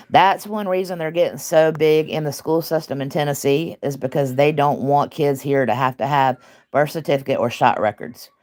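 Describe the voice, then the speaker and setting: A woman's voice: sits low, a little mellow. Blunt woman commentator. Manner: emphatic, blunt, talkative, with laughs. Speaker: online commentary host. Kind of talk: casual commentary talk.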